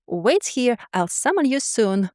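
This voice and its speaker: A woman's voice: fairly high pitch, sing-song, unhurried, a little mellow, dry recording, clean studio sound, voice pushed up. A woman voicing a young male cat who studies magic, hasty and fussy in manner. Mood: flustered.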